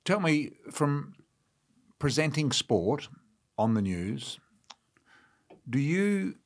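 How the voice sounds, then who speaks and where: An Australian man hosting a podcast interview, chatty and quick with short agreeing remarks. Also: on the high side, big pitch swings. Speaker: podcast host. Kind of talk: casual interview chat.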